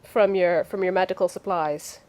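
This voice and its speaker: A woman player in a casual tabletop game, arguing her point in a brisk, insistent way over a voice call. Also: on the low side, steady tone, a little mellow.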